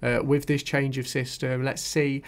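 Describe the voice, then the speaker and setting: A man's voice: medium pitch, level tone, moderate pace. Male gaming YouTuber, casual play-by-play over a football management game, thinks aloud. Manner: commentates play-by-play, thinking aloud about tactics.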